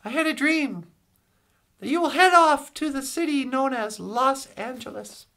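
Brief: cheerful rambling male frog puppet, high and gravelly, telling a joke. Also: unhurried, pushed and bright, exaggerated voice. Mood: joking. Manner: rambling storyteller with restarts and asides. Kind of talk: comedic call-in impression.

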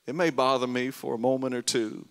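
A male pastor, preaching a sermon and telling stories, swinging between loud bursts and hushed, tender lines. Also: medium pitch, steady tone, a little fast, clear, resonant tone. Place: church sanctuary. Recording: reverberant church hall.

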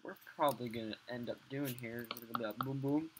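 A young man with a mid-range voice talks fast, swearing and muttering to himself while he builds in a game, his commentary rambling and casual. Mouse clicks and loud background noise fill the recording.

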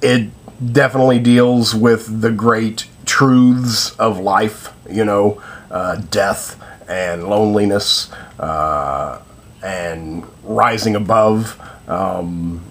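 Hesitant low-voiced man reviewing a film. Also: a bit bright. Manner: hesitant, many fillers and restarts. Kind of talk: casual spoken film review.

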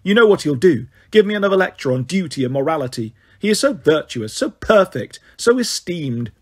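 A man's voice: on the high side, big pitch swings, brisk. A man reading aloud, voicing a spoiled young male Roman prince who complains petulantly. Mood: complaining. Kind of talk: audiobook character voice.

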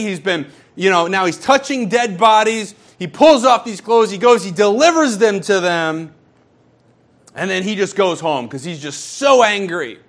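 A man preaching a sermon in a church, retelling a story in a casual, animated way and acting out the people in it. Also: high voice. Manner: storytelling, acts out quoted characters casually. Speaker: pastor.

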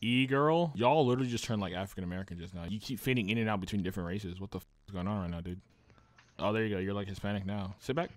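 A young man trolling strangers over video chat in a crude prank-banter style. He gets loud and teasing, switching into fake outrage at the slightest thing. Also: on the low side, very fast.

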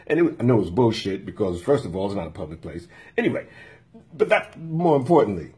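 A man telling an animated story as an interview guest, often laughing and acting out both sides of the exchange. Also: fairly low pitch, fairly quick, husky. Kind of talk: animated anecdote in a casual interview.

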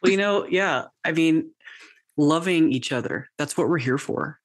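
A woman's voice: low-pitched, lively intonation, measured pace, no echo, clean studio sound. A woman in her fifties, a coach talking as a podcast guest in a rambling, self-deprecating way with lots of restarts. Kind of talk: casual interview chat.

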